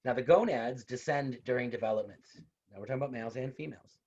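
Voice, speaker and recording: The lecturer talks fast in a medium-pitched voice that is a little mellow and slightly rough. Teaching an informal online university class via video call, he chats conversationally, repeats his points, and adds personal asides, all in dull, lo-fi sound.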